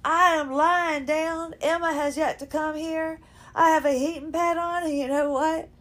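A woman's voice: high voice, fairly even intonation, unhurried, fairly bright tone. A woman hosting a podcast, talking unscripted while lying down at home, rambling, emotional and often apologizing. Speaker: podcast host. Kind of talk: unscripted personal chat.

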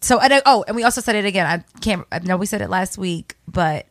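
A woman co-hosting a podcast in casual chat, relaxed and laughing, with lots of fillers. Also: mid-range voice, a little fast, no room sound. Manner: laid-back, laughing, many fillers. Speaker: podcast co-host.

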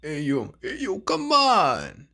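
A man's voice: on the high side, huge pitch swings, slow pace, vocal fry, bright, forceful tone, voice pushed up, exaggerated voice. A man playing a cocky, swaggering 1950s greaser teen boy, in a voice raised well above his own.

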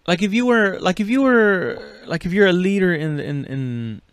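Rambling, profane podcast host. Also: male voice, high-pitched, lively intonation, normal speed, clean tone, dry recording. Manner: rambling, profane, lots of fillers and restarts. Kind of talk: casual solo podcast chat.

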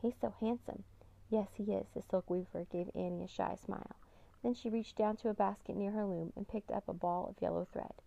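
A woman narrating an audiobook in a calm, steady storytelling manner. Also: medium pitch, a little fast, gravelly, dull audio.

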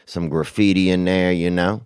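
A man with a low, smooth voice hosts a talk show, answering listener questions podcast-style at a moderate pace. He tells rambling comic stories that are animated, profane, and full of slang, recorded in clean studio sound with no room noise.

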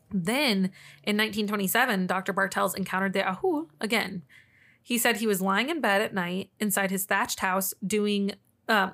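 A woman's voice: mid-range voice, fairly bright tone. Chatty woman podcast host. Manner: chatty, laughs often, trails off and restarts. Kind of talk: casual chat, telling cryptid stories.

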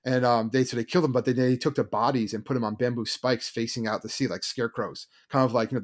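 A man co-hosting a casual chat, telling a story quickly and loosely, with many fillers. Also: medium pitch, fairly even intonation. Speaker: podcast co-host.

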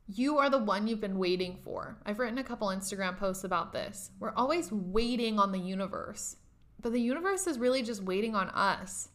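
A woman's voice: medium pitch, sharp tone. A young woman hosting a podcast, giving a casual motivational talk, emphatic and profane, often laughing. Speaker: podcast host.

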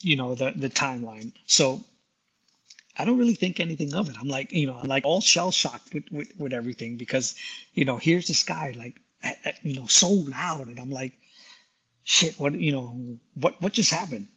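Brief: male musician recounting his career in an interview, loose and rambling, laughing now and then, with a husky edge to his voice. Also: mid-range voice, animated, fairly quick, a bit bright. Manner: rambling, many "you know" fillers, laughs often. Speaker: guest musician. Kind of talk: casual interview storytelling.

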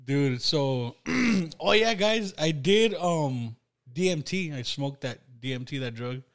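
A male podcast host keeps up a casual, needling banter with his friend. His voice jumps around in pitch, from low asides to high mock voices, and he swears freely and laughs often. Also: lively intonation, slow pace. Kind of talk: casual chat.

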